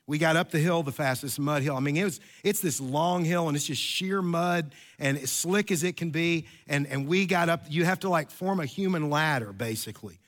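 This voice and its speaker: A man's voice: on the high side, a bit bright. A pastor in his fifties giving a sermon in a chatty, joking storytelling way with many restarts.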